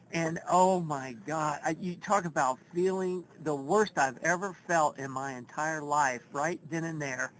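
A folksy middle-aged man coaching baseball tells a story in an interview, his voice sitting a little high for a man. He acts out his own lines with lively swings, and a faint ambience hums behind him. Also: moderate pace, hardly any pauses, slight background noise, low-quality recording. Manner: folksy, animated storyteller who acts out quotes. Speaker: first base coach.

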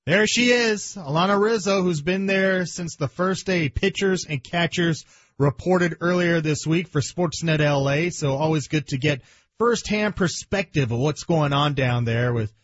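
A man hosting a sports radio show, interviewing a reporter in a relaxed, friendly way. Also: fairly high pitch, measured pace, no room sound, lo-fi sound.

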